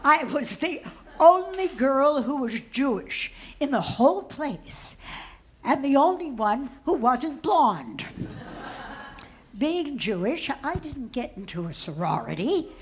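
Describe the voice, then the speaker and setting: Slow, wry woman in her nineties. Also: high-pitched, very animated, a little hiss or hum. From Boston, US. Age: 90s. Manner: slow, deliberate, wry delivery. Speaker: comedian. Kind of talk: comic cabaret storytelling. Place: live stage at a cabaret venue.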